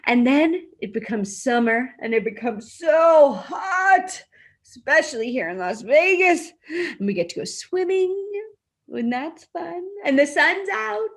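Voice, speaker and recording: High, animated preschool teacher woman. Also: measured pace. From lives in a hot desert city in the US west. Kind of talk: reading a storybook to young children.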